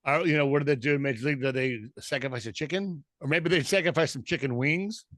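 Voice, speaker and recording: A man co-hosting a podcast, chatting casually about baseball in a halting way that repeats words. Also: a little high, fairly bright tone, no room sound, studio quality. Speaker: podcast co-host. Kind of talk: casual sports chat.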